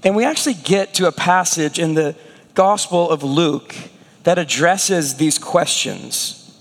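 A man's voice: on the high side, unhurried, in a large hall. A man preaching a sermon as a pastor, acting out the prayers and words of the people he talks about.

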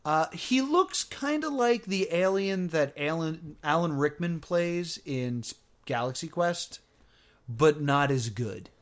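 Slow, animated sarcastic podcast co-host. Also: mid-range voice. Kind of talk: casual movie review chat.

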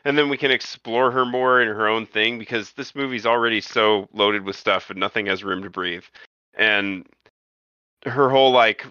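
A man with a fairly low, very bright voice talks through a casual film discussion, opinionated and often tripping over his words. The recording is dry and dull, with a lo-fi edge. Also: normal speed, clean tone, no room sound. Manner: hesitant, repeats words, opinionated. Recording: dull lo-fi sound.

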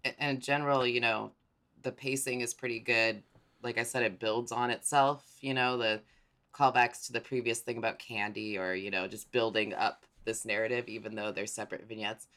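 A man's voice: medium pitch, fairly even intonation, normal speed, sharp tone. Chatty man rambling with fillers. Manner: enthusiastic, rambling, with frequent fillers. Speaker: podcast co-host. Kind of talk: casual chat.

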